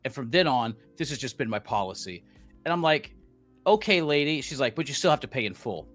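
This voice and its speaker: A man's voice: mid-range voice, animated, fast, fairly bright tone, faint music behind. A middle-aged man, a podcast co-host, telling a story as a heated, profane rant and acting out quotes.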